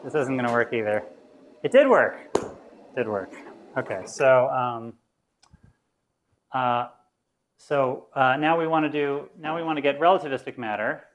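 A man's voice: medium pitch, steady tone, normal speed, long pauses, slight background noise. A man lecturing on physics to students in a lecture room, informal and explanatory, thinking aloud as he goes. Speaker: university lecturer.

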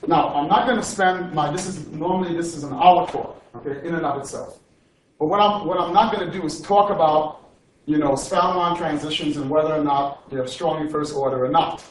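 In a lecture hall, a physics professor gives an informal, rambling lecture full of jokes, frequently asking "okay?" to check in. His voice is fairly high and moderately paced, recorded from a distance with echo and faint noise.

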